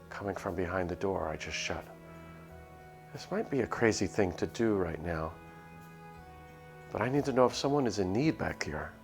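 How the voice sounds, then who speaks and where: A man's voice: sits low, creaky. A man streaming himself reading a visual novel aloud, narrating in first person with a nervous, earnest delivery and small self-corrections. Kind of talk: dramatic first-person reading of a game script.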